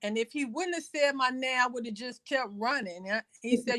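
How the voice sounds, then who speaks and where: Halting woman telling a personal story. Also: fairly high pitch, bright, forceful tone, no echo. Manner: halting, full of fillers and repeated phrases; quotes others in a raised voice. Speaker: guest sharing her testimony. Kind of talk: personal testimony, story told in conversation.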